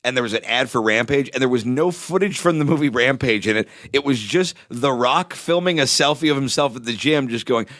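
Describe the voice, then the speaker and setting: A man's voice: medium pitch, brisk, few pauses, dry recording, studio quality. A man hosting a podcast, chatting casually with a guest, joking and swearing. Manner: animated, swearing, jokey. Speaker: podcast host, stand-up comic. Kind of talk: casual chat.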